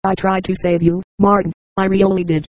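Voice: medium pitch, level tone, normal speed, no room sound, lightly acted. An audiobook narrator voicing a bewildered, uneasy young man asking uncertain questions.

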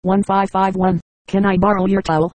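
A synthetic text-to-speech narrator voicing a nervous teenage boy who works as a secret agent, speaking in a hushed, chatty way. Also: medium pitch, level tone, brisk, dry recording, close to an everyday voice, rough recording. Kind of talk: audiobook dialogue.

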